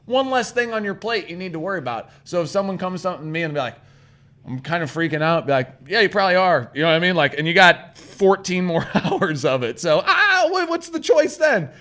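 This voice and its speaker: A young adult man co-hosting a casual chat show, talking in a profane, rambling and animated way. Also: high voice, fairly quick. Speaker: podcast co-host.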